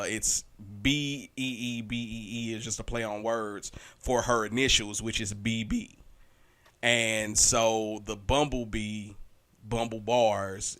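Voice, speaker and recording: A man's voice: lowish voice, a bit bright, clear, resonant tone. A young adult man, a candy company founder, chatting casually and rambling with many fillers. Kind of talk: casual chat.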